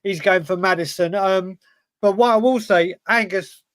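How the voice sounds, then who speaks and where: High-voiced man reading fan questions. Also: normal speed, no room sound. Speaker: co-host reading viewer questions. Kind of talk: casual football chat.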